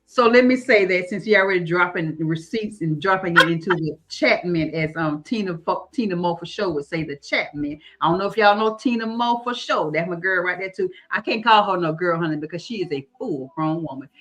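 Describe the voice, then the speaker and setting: A woman's voice: fairly low pitch, a little fast, few pauses, fairly bright tone. A middle-aged woman, chatting casually on a livestream and telling stories in a folksy way, calling listeners honey and baby. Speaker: guest, online creator.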